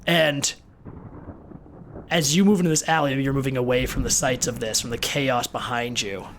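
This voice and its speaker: A man running a tabletop game, narrating scenes and rules in a mid-pitched voice, often stumbling and repeating words as he works things out. There is a faint hiss of background noise behind him. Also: fairly even intonation, normal speed. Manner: rambling, repeats words while thinking. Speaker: game master.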